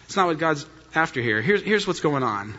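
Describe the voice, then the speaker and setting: A middle-aged man preaching a sermon as pastor, telling a story with animated jokes. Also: on the high side, fairly quick. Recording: dull sound in a hall with long reverb.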